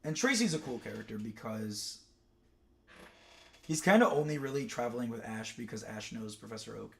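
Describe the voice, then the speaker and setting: A man's voice: lowish voice, expressive, normal speed, gravelly, fairly bright tone. A young man chatting casually on a stream, telling rambling stories full of fillers and side tracks. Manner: rambling, digressive storytelling with many fillers. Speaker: streamer ranking cartoon characters. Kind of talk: casual chat.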